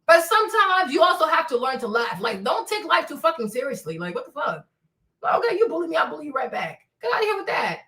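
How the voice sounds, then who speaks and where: A woman's voice: sits high, very animated, fast, bright, forceful tone, recorded from a distance. Sassy, profane woman ranting on livestream. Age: 40s. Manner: blunt, profane, sassy, laughing often. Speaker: livestream host. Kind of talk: unscripted livestream rant.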